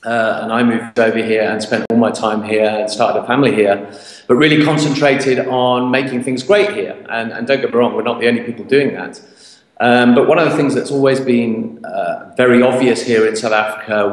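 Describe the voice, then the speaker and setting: A man's voice: mid-range voice, fairly even intonation, normal speed. A British man from Britain, a guest tech executive, talking casually in an interview with plenty of fillers and self-deprecating humour. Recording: roomy echo.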